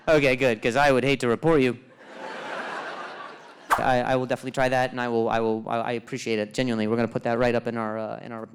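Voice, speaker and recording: A man doing stand-up crowd work on a club stage into a handheld mic, with a stutter, quick self-deprecating quips and low muttered asides. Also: slight background noise. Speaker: stand-up comedian.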